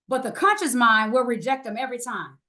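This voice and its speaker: A woman's voice: a little high, animated, a little fast, bright, forceful tone. A woman from Louisiana, a guest author and herbalist, talking in an emphatic, preacherly way in an interview. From Louisiana, USA. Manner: emphatic, preacherly, quotes scripture. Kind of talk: conversational interview.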